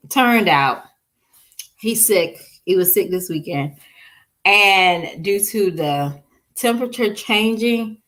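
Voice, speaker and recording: A woman in her thirties telling her viewers a story about her son, in a casual, animated way, laughing often and restarting words. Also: fairly low pitch. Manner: talks straight to viewers with slang and "y'all". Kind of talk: casual story time vlog.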